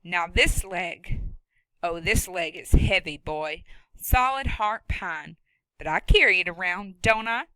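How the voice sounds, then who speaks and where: A woman voicing a wry, menacing one-legged farm woman who talks loud and drawn out in an audiobook. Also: on the low side, lively intonation, slow, clear, resonant tone, no echo, exaggerated voice, low-quality recording.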